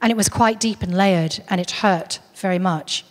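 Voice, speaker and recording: Woman telling a story at a talk, mid pitch, earnest, lots of restarts, echoey hall. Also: moderate pace. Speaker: speaker on UFO contactees. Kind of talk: recounting a case story in a talk.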